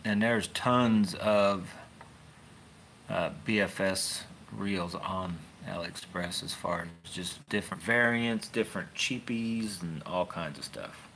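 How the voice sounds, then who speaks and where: A man's voice: deep voice, slow, vocal fry, fairly bright tone, slight background noise. A man hosting a fishing channel, chatting casually into his phone in a rambling, folksy way with wry asides. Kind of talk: casual rambling livestream chat.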